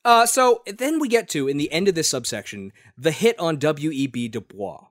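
A man's voice: a little high, lively intonation, moderate pace, dry recording, clean studio sound. A man co-hosting a podcast book review in casual chat, sarcastic, laughing often and swearing freely. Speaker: podcast co-host.

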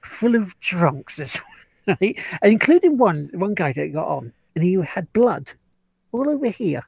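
A man's voice: sits high, sing-song, measured pace, gravelly, darkish tone, husky, dry recording. A man, co-hosting a gaming stream and telling a rambling story. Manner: rambling, laughs at own stories. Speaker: co-host. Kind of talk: casual chat, storytelling.

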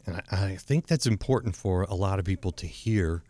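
A middle-aged man hosting a talk show, telling a story in a relaxed way with many restarts. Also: sits low, fairly quick, no room sound. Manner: warm anecdotal, frequent restarts and repeated words. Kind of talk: casual conversational storytelling.

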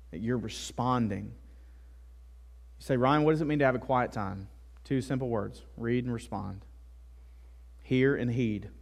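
A man's voice: mid-range voice, creaky, a little mellow. A male pastor delivering a sermon in a conversational way, with frequent asides and tag questions. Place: church.

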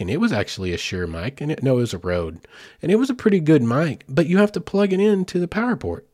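Lively, chatty podcast host. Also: male voice, medium pitch, dry recording, studio quality. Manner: chatty, self-deprecating, rambling with asides. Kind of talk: casual podcast monologue.

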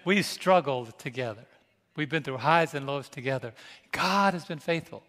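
An older male pastor from New York shares a tender family memory from the pulpit, his voice sitting a little high for a man. He reaches out to the congregation as he speaks, and his sermon rings through a large hall with a long, lingering reverb. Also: animated, normal speed, a bit bright. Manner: personal, emotional, calls out to the congregation. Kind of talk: storytelling sermon.

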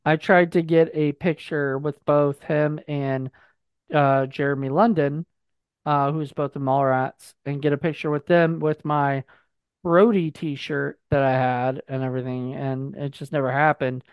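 A man's voice: fairly high pitch, little pitch movement, a little slow, smooth, no echo, highs cut off. A man in casual chat, telling rambling anecdotes full of fillers and restarts.

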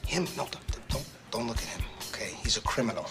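Man as a hushed, gossipy high-school boy, movie clip over music. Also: lively intonation, a little fast, natural voice. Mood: urgent. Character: nervous gossipy teenage boy. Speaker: film character. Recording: film clip under background music.

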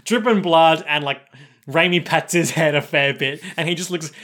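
A man's voice: fairly high pitch, a bit bright. A man co-hosting a podcast, casually recapping an anime episode and acting out the characters' lines. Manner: breezy recapping, quick asides, acts out characters' lines. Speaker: podcast co-host.

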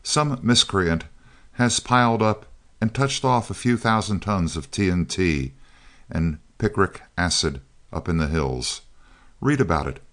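A man's voice: deep voice, a little slow, a bit bright. A man reading the lines of a breezy, joking male friend with a teasing manner in an audiobook.

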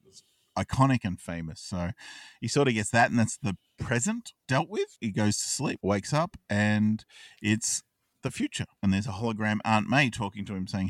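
A man hosting a casual podcast chat, recapping a cartoon episode and acting out the characters' lines in quick asides. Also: fairly low pitch, no room sound, studio quality, distant mic. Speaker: podcast co-host.

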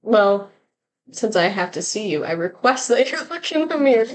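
A woman's voice: mid-range voice, very animated, moderate pace, a little hiss or hum, low-quality recording. A woman hosting a casual podcast, reading short horror stories aloud and chatting with a lot of laughter. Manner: giggly, reads stories aloud.

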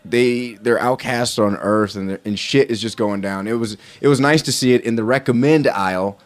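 Halting man recommending a comic. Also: medium pitch. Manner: halting, repeats words while recommending. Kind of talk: casual chat.

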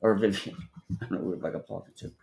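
A man's voice: sits low, steady tone, fast talker, creaky, darkish tone. A man hosting a livestream, chatting casually with viewers in a rambling, profane way and laughing often. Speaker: livestream host.

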